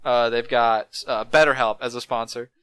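A man's voice: mid-range voice, steady tone, normal speed, fairly bright tone, clear, resonant tone, dry recording. A young man co-hosting a podcast, telling crude stories in rambling casual chat with frequent laughs. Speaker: podcast co-host.

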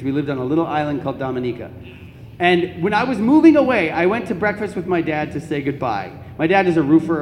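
High-voiced man telling funny stories in a hall. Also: slight background noise. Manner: animated, comic storytelling with laughs. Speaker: Catholic speaker. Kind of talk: storytelling talk to an audience. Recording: echoey hall, faint ambience.

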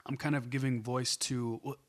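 A man's voice: medium pitch, flat delivery, moderate pace. Guy w a regular mid voice, laid back, laughs a lot, forgets names. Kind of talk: casual conversation.

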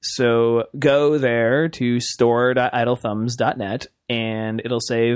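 A man's voice: medium pitch, slow, clear, resonant tone, no room sound, clean studio sound. Joking, rambling male podcast host. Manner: joking, rambling, laughs a lot. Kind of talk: casual chat.

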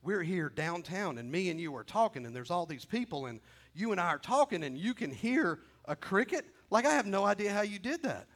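A man's voice: sits high, sing-song, fairly quick, fairly bright tone. A man voicing a skeptical, impatient banker in a sermon story, sounding incredulous and exasperated.

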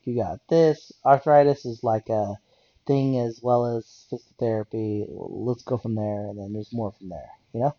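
A man's voice: fairly low pitch, normal speed, mellow, dry recording, dull audio. A man talking in a rambling, blunt casual rant about working in a medical office, swearing and repeating himself.

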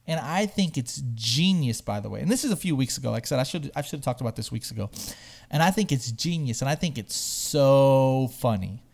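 A man casually telling a funny story in conversation, acting out the quoted lines with lively voice jumps. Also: fairly quick, gravelly. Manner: animated, acts out quotes with rising pitch.

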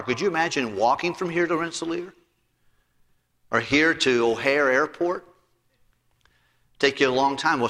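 A preacher telling a sermon story with lively storytelling and frequent restarts. His voice is bright and forceful, with a middle pitch, and it carries a long hall reverb.

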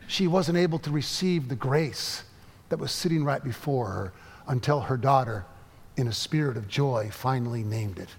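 A man preaching a sermon, telling a story in a measured way with halting repeats. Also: medium pitch, lively intonation, slightly rough, in a large hall. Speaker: pastor.

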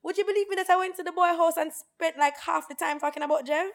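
A woman's voice: extremely high pitch, fast. A woman co-hosting a podcast, telling stories in casual chat with patois and acted-out quotes. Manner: animated storytelling with patois and quoted voices. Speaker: podcast co-host.

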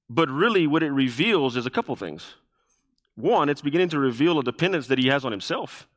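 Pastor, male, sermon delivery, lively intonation, repeats key lines, reverberant sanctuary. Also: a little high. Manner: preaching with rhetorical questions, repeating key phrases. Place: church sanctuary. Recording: long reverb of a church hall.

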